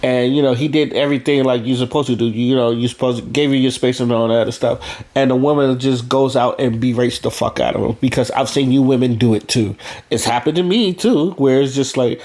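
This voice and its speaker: A man's voice: mid-range voice, fairly even intonation, a little fast, a little mellow. Blunt, rambling man in a casual monologue. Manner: blunt and profane, rambling with restarts. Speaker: vlogger.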